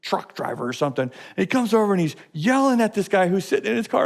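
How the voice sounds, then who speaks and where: A man's voice: high voice, expressive, quick pace, creaky, hardly any pauses, darkish tone. A man teaching a course session, speaking emphatically with repetition and stories. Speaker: teacher of a life-skills course. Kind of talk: teaching talk to a class.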